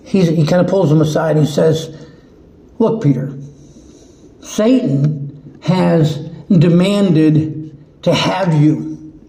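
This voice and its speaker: A man preaching a sermon in an earnest, halting way, often restarting his words. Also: a little high, dark tone, slight background noise. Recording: echoey room.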